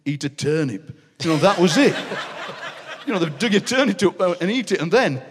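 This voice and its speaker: A man in his sixties with a broad Yorkshire accent tells comic stories, his voice sitting fairly high and lively. He is animated and often laughing, and his voice carries with a long echo in a large hall. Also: moderate pace, a little hiss or hum. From Barnsley, Yorkshire. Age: 60s. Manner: animated, laughing, dialect phrases. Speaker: guest poet. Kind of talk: comic storytelling on a live podcast. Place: city hall stage with audience.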